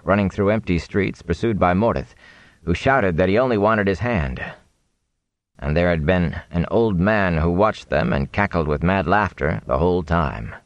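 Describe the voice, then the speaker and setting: A man narrating a fantasy audiobook in a steady, measured reading. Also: low-pitched, no echo, muffled recording.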